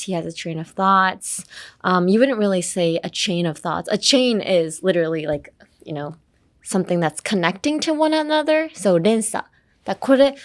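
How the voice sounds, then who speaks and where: A young woman with a Californian accent hosts a relaxed bilingual English lesson. She talks in a chatty, loose way, full of "like" and "um," and drifts into Japanese to explain things. Her voice sits at a middle pitch for a woman. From Los Angeles, California. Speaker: English teacher and podcast host.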